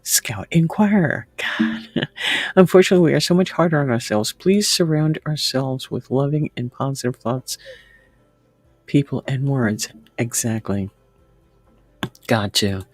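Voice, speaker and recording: Speaking in an unhurried bass voice, this female livestream host chats casually with her audience and reads out their comments, laughing a lot and now and then whispering. She's in a room at home with an open window, and the recording is dry.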